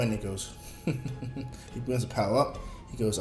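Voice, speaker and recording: A man's voice: on the low side, fairly even intonation, normal speed, pauses often, darkish tone. A man casually narrating a fan story in a rambling way, with filler words. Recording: echoey room, faint music.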